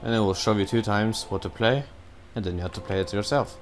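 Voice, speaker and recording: A man's voice: lowish voice, fairly quick, music in the background. Casual man commenting on a game. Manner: rambling, curses at his own mistakes. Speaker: let's play gamer.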